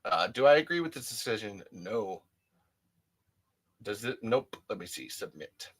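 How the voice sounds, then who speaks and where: A man's voice: on the low side, expressive, a little slow. A man hosting a podcast, talking alone in a rambling, candid way and often restarting his sentences. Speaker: podcast host. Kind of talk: casual solo monologue.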